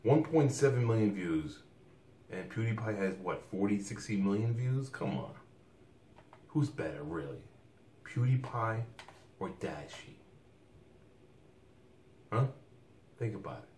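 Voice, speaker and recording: A man's voice: on the low side, very animated, unhurried, pauses often, mellow, echoey room, distant mic, slight background noise. A man hosting a reaction video, talking loosely and profanely and laughing a lot. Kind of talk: casual reaction commentary.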